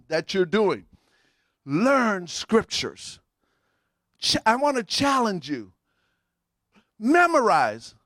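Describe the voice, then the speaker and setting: A middle-aged man preaching with a high, ringing voice. He calls to the congregation for amens and punches certain words with sudden shouts. The sound is close and dry, with no room echo. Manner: call-and-response preaching, sudden shouted emphasis. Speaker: pastor. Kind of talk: sermon.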